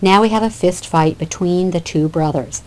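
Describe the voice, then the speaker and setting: A woman's voice: lowish voice, normal speed, a little mellow. A woman teacher giving a lecture that explains a classic play scene by scene. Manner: explanatory, with fillers and restarts. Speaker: literature teacher.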